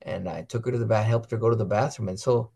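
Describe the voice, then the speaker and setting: A man's voice: lowish voice, fast talker, creaky, warm tone. A man talking casually about faith and family, telling stories and reading passages aloud. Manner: storytelling, acts out quoted voices; reads catechism passages aloud. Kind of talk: casual religious chat.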